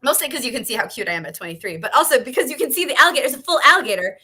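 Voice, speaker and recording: A woman's voice: high-pitched, very animated, rapid-fire, sharp tone, breathy edge. A woman in her thirties, an author telling a story on a video call, laughing often and swearing as she acts out quotes. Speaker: author guest. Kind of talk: animated storytelling chat.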